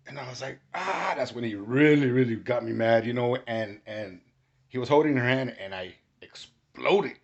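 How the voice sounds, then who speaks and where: A man giving a casual testimony, animated and rising to shouts when he quotes himself. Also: mid-range voice, moderate pace, vocal fry. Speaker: storyteller recounting a spiritual experience. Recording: dull lo-fi recording.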